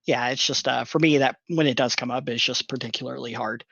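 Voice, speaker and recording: Brief: male podcast panelist, mid-pitched, thoughtful and explanatory, lo-fi dry recording. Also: fairly even intonation, brisk, vocal fry, a bit bright, breathy edge, no room sound. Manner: thoughtful, explains at length with many fillers. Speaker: podcast panelist and tabletop player. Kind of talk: casual podcast chat. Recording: dull lo-fi dry sound.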